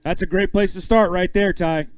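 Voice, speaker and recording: A man emceeing a bass-fishing weigh-in on an outdoor stage, upbeat and joking with the anglers as he calls out names and weights. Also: fairly even intonation, normal speed, dry recording, poor audio. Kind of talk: live emcee announcing with banter.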